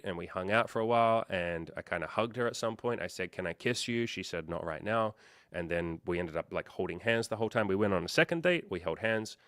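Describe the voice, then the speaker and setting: A man's voice: sits low, fairly bright tone, clean tone, dry recording, studio quality. A man hosting a coaching livestream, talking casually and candidly with plenty of swearing and rambling fillers as he reads chat and tells stories. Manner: candid, profane, rambling storyteller with lots of fillers.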